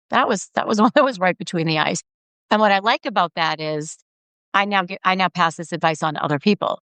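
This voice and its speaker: Chatty woman hosting a podcast, smooth voice. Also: fairly low pitch, fairly bright tone, no echo. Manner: chatty storytelling, emphatic, with quick asides. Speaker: podcast host. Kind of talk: solo podcast monologue.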